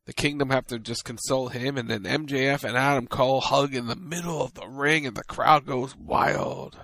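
A man casually recapping a wrestling show on a podcast, retelling it in an animated way and acting out quotes. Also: mid-range voice, normal speed, gravelly, no room sound. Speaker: podcast co-host.

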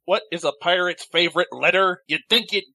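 A man telling corny jokes in casual banter, playful and quick to swear. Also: high voice, bright, forceful tone.

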